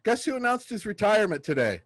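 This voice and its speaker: A man in his fifties from southern California co-hosts a casual sports podcast, spinning stories with excitement. His voice sits a little high, and the recording is dry and close. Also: fast talker, no room sound. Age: 50s. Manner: excitable storyteller, acts out quotes loudly. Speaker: podcast co-host.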